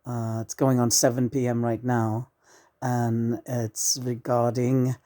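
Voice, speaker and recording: A woman channeling the spirit of a late male musician, speaking in a hushed, slow way full of halting fillers. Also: very deep voice, flat delivery, voice pushed down. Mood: solemn.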